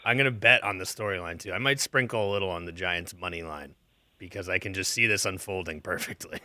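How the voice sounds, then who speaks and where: Young dude on staff, super bright sharp voice, lots of "like", dry mic. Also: male voice, sits low, fast, no echo. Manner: chatty, hedging with "like". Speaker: graphics guy, show staffer. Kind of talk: casual studio banter.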